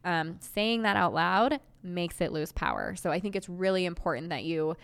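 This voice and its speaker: A woman's voice: on the low side, animated, moderate pace, creaky, fairly bright tone, smooth. A young woman hosting a solo podcast, talking in a reassuring, conversational way with plenty of ums and likes. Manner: conversational, reassuring, filler-heavy. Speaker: podcast host.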